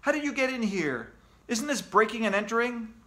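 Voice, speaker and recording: Storybook kid who hates books, shrill and outraged, read by a man. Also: big pitch swings, a little fast, heavily acted. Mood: excited, outraged. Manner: loud, whiny, shouting. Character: excitable schoolboy who hates reading.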